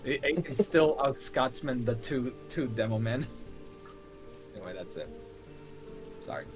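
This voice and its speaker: A man's voice: mid-range voice, expressive, unhurried, music in the background. A man playing a tabletop game, chatting casually in a rambling way with restarts and frequent laughs. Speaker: player.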